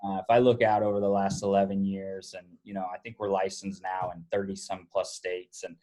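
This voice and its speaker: A middle-aged man, a roofing business owner, telling a long story in a casual, animated way with many restarts. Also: low voice, a little fast. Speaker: podcast guest, roofing company owner.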